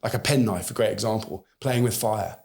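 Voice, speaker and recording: A man's voice: lowish voice, brisk, gravelly, darkish tone. A British man in his forties, a podcast guest who talks animatedly and acts out bits of quoted dialogue. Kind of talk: conversational podcast interview.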